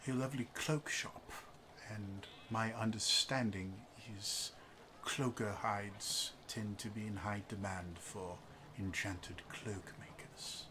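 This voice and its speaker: Brief: narrator voicing a proper, quiet aristocrat husband, low and measured. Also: steady tone, noisy background. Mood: reserved. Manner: slow, formal, measured. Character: stiff, proper noble husband, reserved.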